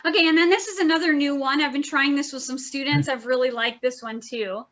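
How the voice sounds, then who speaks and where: A woman's voice: sits high, a little fast, a bit bright. A woman therapist giving an informal workshop lecture, chatty and earnest, often repeating phrases. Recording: slightly dull, muffled recording.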